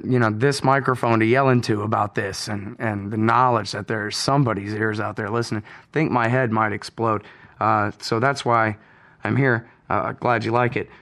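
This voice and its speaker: An American man hosting a radio show, delivering an indignant, sarcastic solo rant with loud outbursts and swearing. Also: medium pitch.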